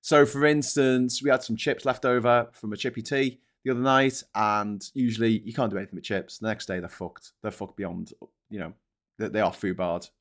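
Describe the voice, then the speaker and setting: A man's voice: lowish voice, moderate pace. A man hosting a live stream, talking in a casual, sweary, rambling way that keeps drifting off topic. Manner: sweary, rambling, easily sidetracked; excitable when thanking viewers. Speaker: livestream host.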